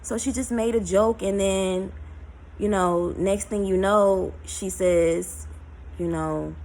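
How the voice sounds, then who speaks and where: A woman tells a personal story in a vlog, emotional and halting, with many fillers. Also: mid-range voice, fairly even intonation, darkish tone, a little hiss or hum, rough recording. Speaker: vlogger.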